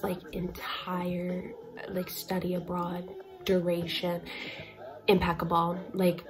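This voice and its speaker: A young adult woman telling a travel story to the camera in a casual, chatty vlog, with lots of fillers and small laughs. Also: lowish voice. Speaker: vlogger. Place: indoors, facetime-style talking to camera.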